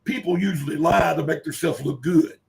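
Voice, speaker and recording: Gravelly older preacher. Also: male voice, a little high, fairly quick. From Kentucky. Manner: earnest, emphatic, plain-spoken. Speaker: preacher, guest. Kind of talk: folksy storytelling.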